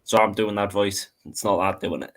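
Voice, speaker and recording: A man's voice: lowish voice, fairly even intonation, normal speed, fairly bright tone. A man on a live stream, chatty and playful, explaining how things work. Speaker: streamer, co-host. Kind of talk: casual stream chat.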